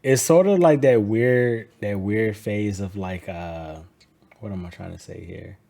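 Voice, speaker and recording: A man hosting a casual chat, talking in animated, slangy banter full of swearing. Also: lowish voice, unhurried, creaky, slight background noise. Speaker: host.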